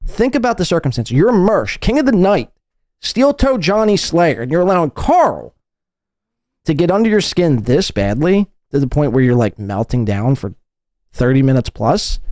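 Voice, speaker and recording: A man's voice: fairly high pitch, sing-song, moderate pace, darkish tone, no room sound, studio quality. A man hosting a podcast, ranting in a heated, mocking, profane way. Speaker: podcast host.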